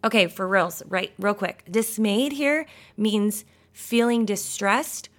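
A woman hosting a devotional podcast, speaking encouragement to mothers and reading scripture aloud with warm enthusiasm and the odd laugh or sigh. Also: medium pitch, takes it slowly. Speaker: podcast host.

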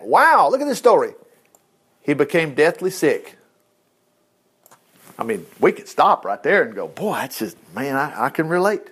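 A man preaching in an informal, folksy way, telling Bible stories conversationally and closing in prayer. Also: sits high. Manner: folksy and conversational, animated storytelling.

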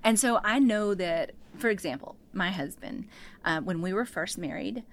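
A woman, a pastor and therapist, speaking as a podcast guest, animated and acting out what people say. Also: medium pitch, moderate pace. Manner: animated storyteller, acts out quotes. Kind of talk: casual podcast interview.

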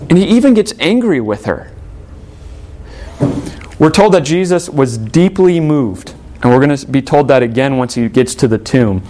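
A male pastor delivers a sermon at an ordinary, mid-range pitch. He reads scripture aloud and presses his listeners with earnest rhetorical questions. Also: expressive, moderate pace, dark tone, a little hiss or hum.

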